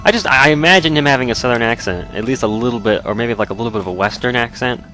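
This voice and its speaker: A man's voice: medium pitch, fast, pushed and bright, soft background music. A man hosting a let's play, giving easygoing, rambling gameplay commentary. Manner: easygoing, rambling, self-correcting.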